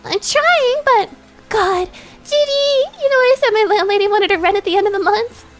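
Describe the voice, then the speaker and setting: A woman's voice: very high-pitched, normal speed, soft background music. A woman voicing a panicky, whiny young vampire woman who is behind on her rent, reading a game's dialogue on stream. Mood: frantic. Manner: frantic, whiny, excitable.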